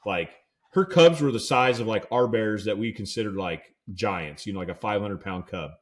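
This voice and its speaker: A man with a somewhat low voice tells an outdoors story in a loose, casual podcast way. He fills his talk with "dude" and "like" and briefly acts out the quoted lines of his companions. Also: normal speed. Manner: laid-back storyteller who acts out quoted dialogue. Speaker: podcast co-host.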